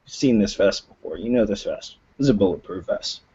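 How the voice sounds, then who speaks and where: A man's voice: lowish voice, expressive, a little fast, dark tone, breathy edge. A man narrating as game master of a tabletop role-playing game, hesitant and full of fillers. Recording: dull lo-fi recording.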